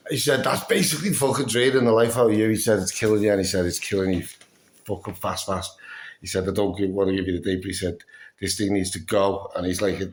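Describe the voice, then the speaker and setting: Tired bloke swearing a lot, deep voice, echoey room. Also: male voice, steady tone, fast talker. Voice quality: breathless, fatigued. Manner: swears a lot, acts out quoted dialogue. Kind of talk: casual storytelling vlog.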